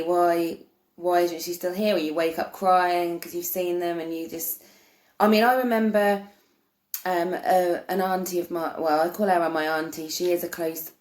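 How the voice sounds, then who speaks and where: Earnest woman in a roomy room. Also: on the low side. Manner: earnest, meandering, many restarts. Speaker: spiritual vlogger. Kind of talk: casual spoken explanation to camera. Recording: roomy echo.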